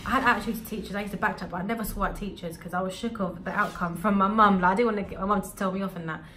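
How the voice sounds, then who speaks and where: A young adult woman telling a storytime vlog in an animated, slangy way. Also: medium pitch, very fast, a little hiss or hum. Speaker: vlogger.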